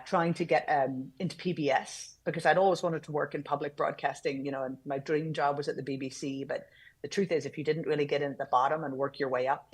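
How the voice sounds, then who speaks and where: Woman, low husky voice, hard-to-place Irish-British-transatlantic accent, candid guest on a video call. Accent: mixed Irish, British and transatlantic. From Ireland. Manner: candid and animated, with fillers and restarts. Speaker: war reporter and author guest. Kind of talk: conversational interview.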